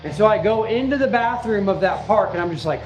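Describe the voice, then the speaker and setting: A man casually telling a personal story, animated and repetitive, acting out what people said and the punches. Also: high-pitched, a little fast, echoey room, music in the background.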